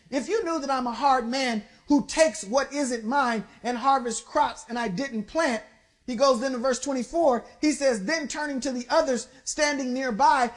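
A woman preaching a sermon in an emphatic call-and-response style, building up to shouts. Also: high voice.

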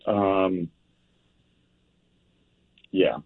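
Husky man teaching from scripture, phone-like sound. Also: low voice, fairly even intonation. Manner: unhurried, reads scripture aloud with verse citations, asks and answers his own questions. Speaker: pastor teaching a men's group. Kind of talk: Bible teaching.

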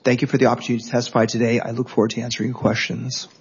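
Flat, husky man reading a statement. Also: mid-range voice, very fast, dull audio. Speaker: hearing witness.

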